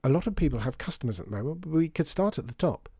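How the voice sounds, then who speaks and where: Earnest young girl, raised bright-ish pitch, eager, storybook reading, by a man. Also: animated, very fast, breathy edge, no room sound, clean studio sound. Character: curious young girl, polite but quick.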